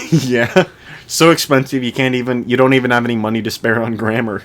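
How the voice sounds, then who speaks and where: A man's voice: medium pitch, steady tone, fairly quick, a bit bright. A young man just over eighteen co-hosting a podcast, tossing out dry, teasing quips in casual banter. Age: young adult. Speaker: podcast co-host.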